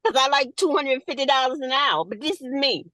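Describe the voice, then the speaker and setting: A woman, a nurse, ranting bluntly and profanely in casual chat, loud and animated. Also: high voice, brisk, no echo. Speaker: nurse, guest.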